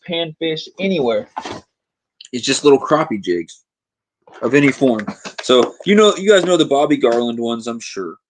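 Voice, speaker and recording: A young man hosting a casual fishing livestream from his home fishing room, rambling and reading chat comments aloud. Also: mid-range voice.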